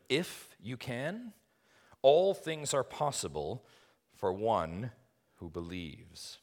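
Low-voiced emphatic male preacher. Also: fairly bright tone. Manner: emphatic preacher, rhetorical questions, addresses listeners as friends. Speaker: pastor. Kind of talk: expository sermon.

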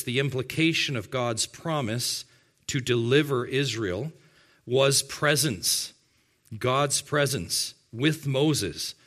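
A man preaching a sermon to his congregation, addressing them directly and slowing to stress key words. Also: medium pitch, a bit bright. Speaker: pastor.

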